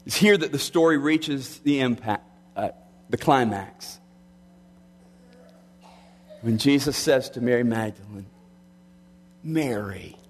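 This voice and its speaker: A middle-aged man preaching a sermon with earnest delivery, slowing down and dropping quiet on key lines. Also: mid-range voice. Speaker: pastor.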